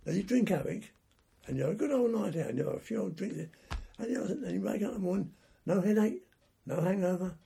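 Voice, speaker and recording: Gravelly, raspy old man telling war stories. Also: high voice, expressive, fairly quick, warm tone. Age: older. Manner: rambling anecdotal telling with restarts. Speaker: war veteran interviewee. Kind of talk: oral history storytelling.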